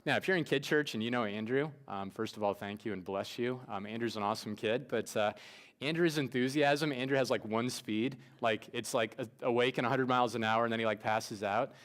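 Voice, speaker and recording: A man's voice: medium pitch, brisk, a bit bright. A pastor in his thirties preaching a sermon in a church, talking loosely and conversationally with frequent restarts and filler words. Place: church sanctuary.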